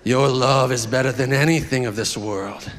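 A man voicing a smooth male R&B crooner, slowly drawing out a syrupy love letter. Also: a bit bright, long reverb tail, natural voice. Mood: crooning. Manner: slow, low, drawn-out crooning.

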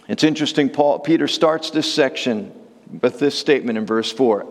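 A man's voice: normal speed, in a large hall. A man, a pastor, preaching a sermon and reading long quotations aloud. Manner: reads long quotations aloud, rising high for voiced prayers.

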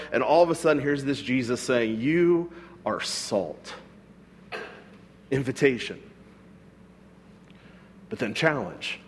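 A man's voice: fairly high pitch, husky. A man, a pastor, preaching a sermon in a conversational way, with frequent rhetorical asides to his congregation.

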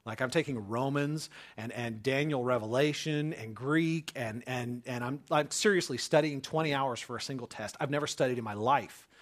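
A man's voice: mid-range voice, moderate pace, hardly any pauses. A man in his thirties, a pastor, telling a personal story in a casual way and then preaching with emphatic, building conviction.

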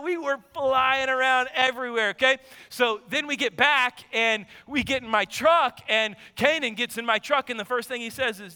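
A man in his thirties preaching a sermon, his voice pitched very high with a bright, forceful edge. He drops into low, quick asides, then climbs to shouted emphasis. A long church-hall reverb trails behind his words. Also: clean tone. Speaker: pastor. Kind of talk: sermon with personal story. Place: church sanctuary.

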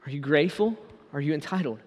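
A man with a fairly high voice delivers a sermon as pastor. He presses his listeners with rhetorical questions and slows down to stress his points. His voice rings out with a long reverb, as in a large church hall. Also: animated, darkish tone. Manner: preaching with many rhetorical questions, slowing down for emphasis.

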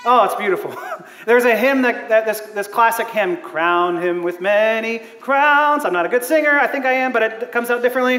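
A man preaching a sermon as a pastor, animated, laughing often and acting out the voices he quotes. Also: extremely high pitch, fast talker. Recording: echoey hall.

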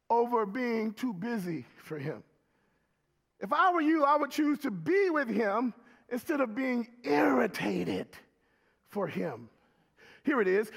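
A man preaching a sermon, with emphatic call-and-response delivery that rises to shouts. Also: very high-pitched, very animated, unhurried, creaky, slightly rough, long reverb tail. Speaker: pastor.

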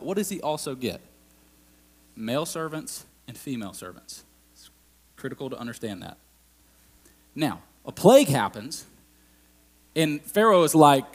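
A man preaching a sermon in a conversational style, with asides and acted-out quotes. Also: a little high. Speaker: pastor.

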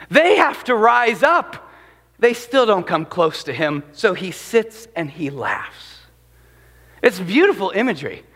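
This pastor's voice is very high, and the space sounds large. He preaches in an animated, talk-like way, regularly asking the people listening questions.

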